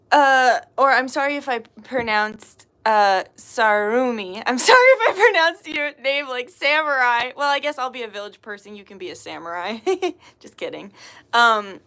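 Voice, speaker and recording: A woman hosting a spiritual live stream, reading viewers' names, saying "um" often, and speaking prayers in a soft, hushed voice. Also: fairly high pitch. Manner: greets chat viewers, laughs easily, fills with um. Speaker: spiritual reader and livestream host. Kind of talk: casual live-stream chat with opening prayer.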